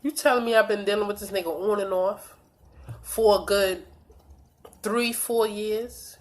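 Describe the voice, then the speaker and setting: A young woman telling a blunt, profane storytime vlog with lots of animated retelling of dialogue, a little stuffy from allergies. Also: fairly high pitch, moderate pace. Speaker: vlogger.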